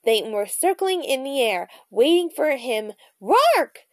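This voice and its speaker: A woman reading a children's chapter book aloud in a bubbly, expressive way. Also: sits high, a little slow, no room sound. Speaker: storybook reader vlogger.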